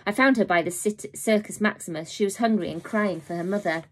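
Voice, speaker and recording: A woman voicing a spirited young girl with a breathy, emotional way of talking. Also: mid-range voice, a little fast, close to an everyday voice. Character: spirited young girl caring for her baby sister.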